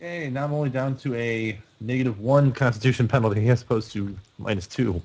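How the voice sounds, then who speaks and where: A man's voice: mid-range voice, a little mellow, highs cut off. Hesitant man at a game table. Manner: hesitant, halting speech. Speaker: player. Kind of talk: casual chat at a game table.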